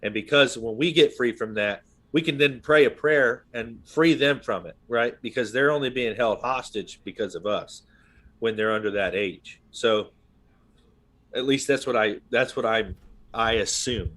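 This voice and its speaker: A man's voice: medium pitch, normal speed, a bit bright. Podcast host, man in his thirties: loose, rambling storyteller, middle-range voice. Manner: rambling storyteller, full of "you know what I mean". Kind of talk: casual conversation.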